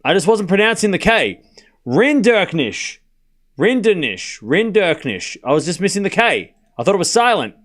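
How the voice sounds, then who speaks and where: Aussie guy streaming a tennis watchalong, bit high voice, bouncy, laid-back chat calling the score. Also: big pitch swings, fast, fairly bright tone. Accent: Australian. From Australia. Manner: casual, chatty, laughs often at himself. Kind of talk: live tennis watchalong commentary.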